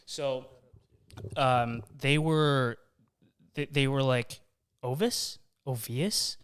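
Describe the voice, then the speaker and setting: A man's voice: mid-range voice, steady tone, drawn-out words, a bit bright, smooth. A young man from England who now talks with an American accent, telling a rambling story with lots of fillers and restarts in a casual podcast chat. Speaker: podcast host. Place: basement studio.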